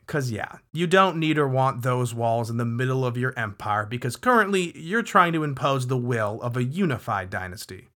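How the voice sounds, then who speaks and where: A man's voice: mid-range voice, animated, normal speed, few pauses, pushed and bright. A man hosting a history podcast, narrating in a casual, conversational way with emphatic asides to the listener. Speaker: podcast host.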